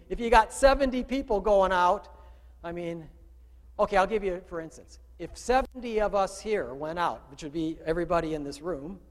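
High-voiced man preaching in a hall. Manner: conversational preaching, asks the congregation questions, swings from quiet to loud. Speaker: pastor. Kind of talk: sermon. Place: church room with a congregation.

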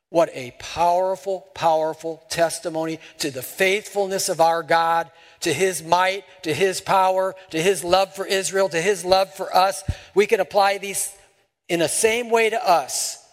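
A man preaching a sermon and leading a prayer, stressing points by repeating words and swinging from loud to soft. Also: high voice, a little slow, long reverb tail. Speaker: pastor.

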